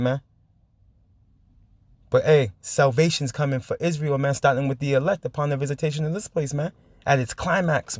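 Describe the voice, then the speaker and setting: A man teaching scripture, reading verses slowly and breaking in with casual remarks, often adding "man". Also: on the high side, a little mellow, no echo. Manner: reads verses slowly, asks "right?" after each; casual, keeps saying "man". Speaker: preacher.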